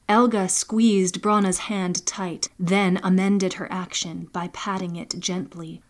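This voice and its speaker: A woman narrating and producing her own storytelling podcast, measured and soft-spoken. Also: mid-range voice, level tone.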